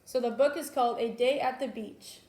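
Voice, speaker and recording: A woman's voice: fairly high pitch, moderate pace, a little mellow. A young woman teacher giving a recorded lesson to young children, explaining patiently with frequent ums. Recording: roomy echo.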